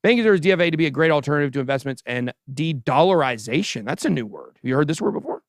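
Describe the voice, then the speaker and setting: A man hosting a casual livestream crypto show, giving animated and sarcastic commentary as he chats with a co-host and the live chat. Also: on the high side, racing, no echo, studio quality. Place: show studio stage.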